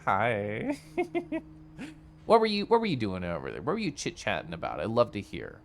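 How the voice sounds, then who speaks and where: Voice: mid-range voice, wildly swooping pitch, normal speed, vocal fry. A game streamer chatting casually on a live stream, reacting to chat with a giggly, chatty manner.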